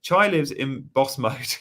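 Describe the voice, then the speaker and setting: A man's voice: fairly high pitch, lively intonation, drawn-out words, sharp tone. Chatty English man hosting a stream. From England. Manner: chatty, reads out viewer messages. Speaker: host. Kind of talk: casual live stream chat.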